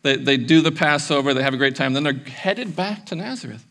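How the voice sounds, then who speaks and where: A man in his forties preaching a sermon as pastor, chatty and animated, acting out little quotes along the way. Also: fairly high pitch, brisk.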